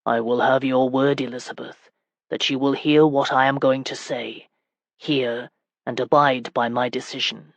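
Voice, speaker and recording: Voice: mid-range voice, normal speed, no room sound, lightly acted. Brief: narrator as a stern, commanding medieval knight lord for an audiobook; firm orders, dry close sound. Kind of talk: audiobook character reading.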